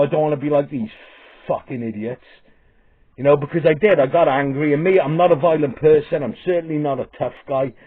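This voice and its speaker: A man's voice: medium pitch, slightly rough. A man ranting to camera in a vlog, swearing heavily and stumbling over restarts with repeated "okay?". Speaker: vlogger. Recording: tinny phone-like audio.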